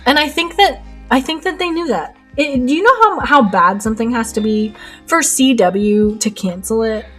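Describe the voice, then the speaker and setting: A young woman chatting while she paints, with a slightly high, breathy voice. She rambles, gets worked up and laughs a lot. Soft lo-fi music plays faintly behind her. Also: normal speed. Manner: excitable, rambling, laughs often. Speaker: art streamer. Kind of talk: casual chat while painting live.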